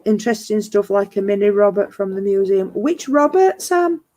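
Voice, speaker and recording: A woman's voice: mid-range voice, lively intonation, moderate pace, dark tone. A woman hosting a casual chat, teasing and swearing freely. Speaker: host.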